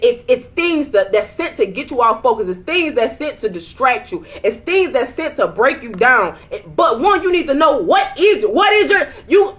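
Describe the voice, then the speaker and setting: A woman's voice: a little high, a bit bright. A woman tarot reader in a casual vlog, talking bluntly and emphatically, swearing freely and laughing often.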